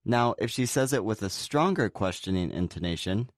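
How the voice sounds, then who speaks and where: A man co-hosting a scripted pronunciation lesson. His voice sits on the low side, and he explains things clearly and steadily. The sound is dry, with no room around it. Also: lively intonation, normal speed, no echo. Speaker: pronunciation teacher.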